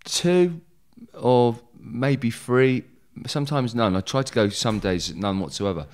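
A man's voice: medium pitch, slow, a little mellow. A middle-aged man from England, a guest in an interview, talking candidly with emphatic, heated bursts and jokey asides.

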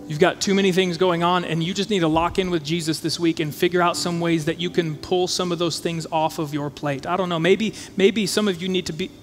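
A man preaching a sermon as a pastor, conversational and animated, acting out the voices of his listeners. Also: sits high, brisk, few pauses, slight background noise. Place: church auditorium. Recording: church hall reverb with faint music.

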